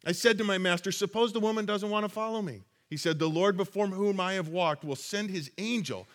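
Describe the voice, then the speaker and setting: A man voicing an excited male servant who eagerly retells a miraculous story. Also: sits high, brisk.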